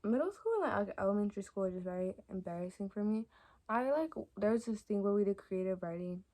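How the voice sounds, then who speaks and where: A woman's voice: medium pitch, animated, fast talker, warm tone. Chatty young woman telling stories. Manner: chatty and rambling, many fillers like "like" and "y'all". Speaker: vlogger. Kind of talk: casual storytime chat to camera.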